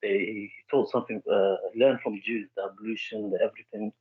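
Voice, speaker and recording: Hesitant husky male caller on a phone line. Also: fairly low pitch, steady tone. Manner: hesitant, halting, many fillers. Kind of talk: phone call.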